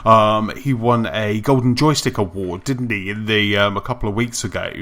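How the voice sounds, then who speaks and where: A man's voice: lowish voice, moderate pace, fairly bright tone. A man hosting a casual gaming podcast, rambling with fillers and restarts and laughing easily. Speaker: podcast host.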